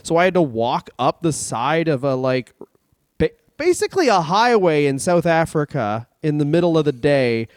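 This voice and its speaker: A man's voice: a little high, big pitch swings, normal speed, no room sound, studio quality. A man from Canada, a comedian co-hosting a podcast, telling rambling, profane anecdotes in casual chat.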